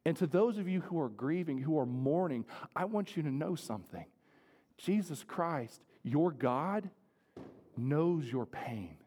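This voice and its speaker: Male pastor, fervent sermon delivery, lightly raised pitch, church hall reverb. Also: expressive, unhurried. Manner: preaching with wide swings from loud to hushed. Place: church sanctuary.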